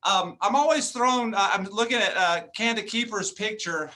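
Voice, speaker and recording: A man in his fifties giving an energetic, joking motivational talk over a video call, laughing often. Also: sits high, moderate pace. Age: 50s. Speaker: motivational speaker.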